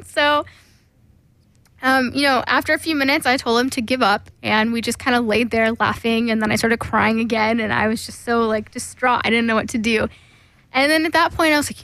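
A woman's voice: fairly high pitch, steady tone, normal speed, a bit bright, no echo. A young woman telling a candid personal story on a podcast, frank and laughing often, with plenty of fillers.

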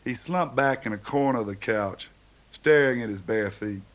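Male narrator, mid-pitched, audiobook reading with lightly shaded dialogue. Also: normal speed, rough recording. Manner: reads dialogue with small shifts for each character.

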